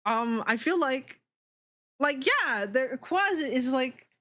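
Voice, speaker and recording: A woman's voice: high-pitched, animated, takes it slowly, pushed and bright. A young adult woman streamer chatting casually, giggling a lot and swearing as she reacts to chat.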